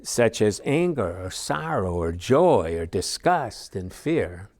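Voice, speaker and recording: A man's voice: fairly low pitch, very animated, takes it slowly, a little mellow. A middle-aged man teaching a recovery class in a conversational, folksy way, with frequent asides and fillers. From Chicago area. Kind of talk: recorded class lecture.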